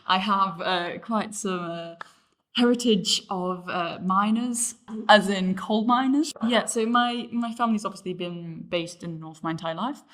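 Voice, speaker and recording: A young woman from the North of England hosting a casual discussion, earnest and steady, with frequent fillers. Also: medium pitch, unhurried. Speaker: host.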